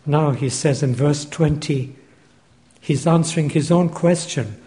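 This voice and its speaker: A man preaching a Bible teaching sermon, measured and deliberate, repeating key phrases for emphasis, recorded in a large church hall. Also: on the high side, dark tone. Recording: long hall reverb.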